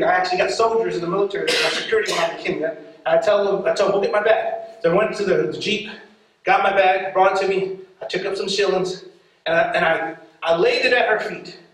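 A man preaching a storytelling sermon, lively and laughing often as he acts out voices. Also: sits high. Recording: echoey hall, mic far off.

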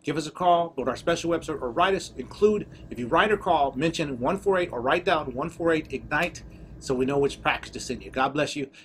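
Evangelist host, man, slightly high voice, fervent storytelling, faint hiss behind. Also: a little fast, a bit bright. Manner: storytelling, fervent, acts out dialogue. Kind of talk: testimony-style preaching broadcast. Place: studio.

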